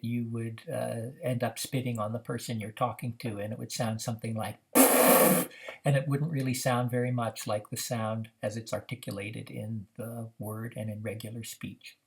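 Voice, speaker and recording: Guy walking teachers through a reading lesson, calm and measured, lots of uh's. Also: mid-range voice, gravelly. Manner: measured, explanatory, with frequent "uh" fillers. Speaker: reading program instructor. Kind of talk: instructional demonstration.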